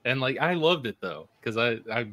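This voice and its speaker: Podcast cohost guy, kinda halting, repeats words, casual chat. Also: mid-range voice, big pitch swings, a bit bright, dry recording.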